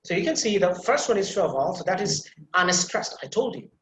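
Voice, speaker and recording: A man's voice: high voice, very animated, fairly quick, a bit bright, reverberant, slight background noise, low-quality recording. A man teaching a pronunciation class on a video call, explaining patiently with many fillers and repetitions.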